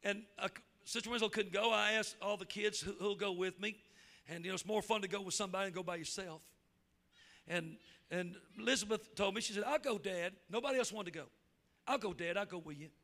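A man's voice: high-pitched, fast, gravelly. A traveling preacher, a man, telling a folksy story in a sermon and acting out the voices in it. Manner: folksy, animated storytelling with acted quotes.

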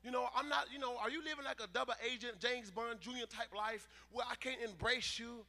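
A man preaching a sermon in church, emphatic and conversational, swinging between loud declarations and quieter asides. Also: very high voice, fairly even intonation, fairly quick. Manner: emphatic preaching, rising to shouts, dropping to asides. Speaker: pastor. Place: church sanctuary.

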